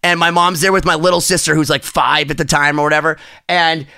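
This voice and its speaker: A man co-hosting a casual podcast, telling stories with excited, rambling energy. His voice is high for a man, and it has a bright, forward edge. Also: brisk, clean tone. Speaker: podcast co-host.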